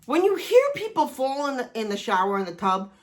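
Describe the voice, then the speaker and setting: A woman's voice: a little high, very animated, brisk. A woman in her forties telling a personal story in a casual vlog, self-deprecating and swearing often. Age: 40s. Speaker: vlogger.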